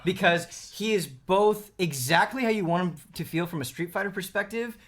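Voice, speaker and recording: Excitable man telling a story. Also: high voice, normal speed. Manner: animated, acts out quotes. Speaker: regular panelist.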